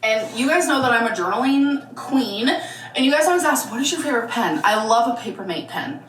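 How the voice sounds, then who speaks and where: A woman's voice: a little high, lively intonation, fairly quick, a bit bright. A woman chatting through a casual haul vlog in a rambling, chatty way. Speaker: vlogger. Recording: echoey room, voice from far off.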